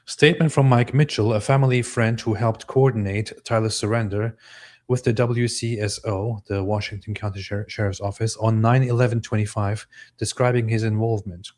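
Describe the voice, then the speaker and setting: A man with a fairly low voice gives live commentary on court footage. He talks in a deliberate, measured way and restarts some phrases. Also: steady tone, darkish tone. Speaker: co-host of a live stream.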